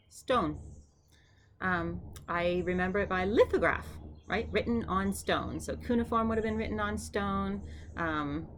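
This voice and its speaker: A woman teaching vocabulary in a casual lesson, saying each word slowly several times and adding chatty asides. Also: lowish voice, slight background noise. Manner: repeats words slowly for the listener, with chatty asides. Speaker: language teacher.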